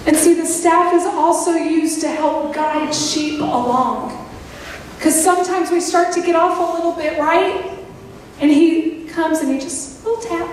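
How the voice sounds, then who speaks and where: A woman preacher, giving a sermon in a folksy, animated storytelling way with playful asides to the congregation. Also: very high voice, a little slow. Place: church sanctuary. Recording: echoey hall, voice from a distance with background noise.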